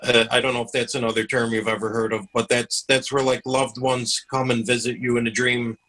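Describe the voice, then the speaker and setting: A man's voice: medium pitch, little pitch movement, fairly quick, a bit bright, rough recording. A man hosting an interview, explaining things in a chatty way and often repeating himself. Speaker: host. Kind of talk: conversational interview.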